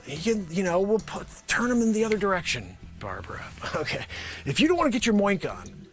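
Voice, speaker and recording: A man hosting a live improv comedy show, riffing manically and sarcastically as a pitchman, swinging from loud outbursts to mutters. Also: very animated, brisk, soft background music. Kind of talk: improvised comedy bit, pitching a product to investors.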